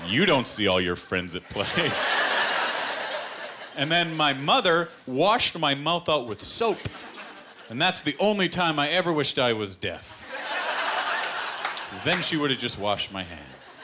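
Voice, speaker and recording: On a comedy club stage before a live audience, a Canadian man performs stand-up, telling stories with deadpan punchlines and acted-out quotes in a lively manner. His voice is a little high and a little slow, with long pauses. The live club recording is very noisy, with loud audience laughter throughout.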